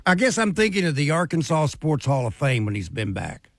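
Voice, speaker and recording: Man, gravelly voice, dry close sound, sports radio co-host, reads listener messages. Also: fairly high pitch, very animated, fairly quick, a bit bright, no echo. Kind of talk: casual sports talk radio.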